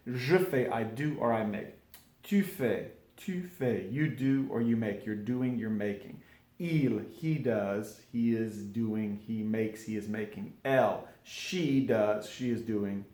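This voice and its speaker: Male teacher, mid-pitched, unhurried, repetitive drilling; roomy echo. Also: darkish tone. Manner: slow, repetitive drilling with asides. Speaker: French teacher. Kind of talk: informal grammar lesson. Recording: echoey room.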